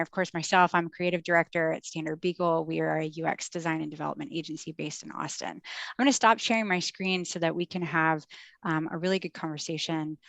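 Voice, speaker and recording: A woman running a livestreamed panel on a video call, talking in an upbeat, chatty way with plenty of fillers. Her voice sits a little low for a woman. The sound is dry and close, with no room echo. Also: a bit bright. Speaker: host and moderator.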